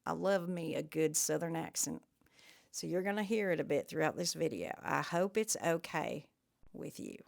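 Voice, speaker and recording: A woman art vlogger narrates her watercolor work in a loose, chatty voice-over. Her voice sits a bit low, and she talks with easy enthusiasm, wandering off into friendly tangents. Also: gravelly. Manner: chatty, enthusiastic, rambling asides.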